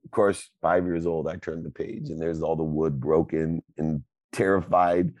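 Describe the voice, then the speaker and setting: Low-voiced male motivational host, preacherly, dry close mic. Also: fairly even intonation, moderate pace, a little mellow, no room sound. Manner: emphatic, preacherly cadence. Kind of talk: motivational talk. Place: live audio chat room.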